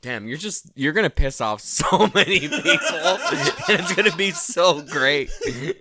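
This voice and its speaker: A man's voice: fairly high pitch, expressive, measured pace, over a noisy crowd. A man co-hosting a podcast, trading crude jokes and laughing often as he eggs on his partner. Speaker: podcast co-host. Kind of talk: crude comedic banter.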